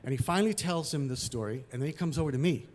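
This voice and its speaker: A man from Los Angeles telling a personal story on stage, vivid and animated, acting out the scenes. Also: fairly high pitch, fast talker.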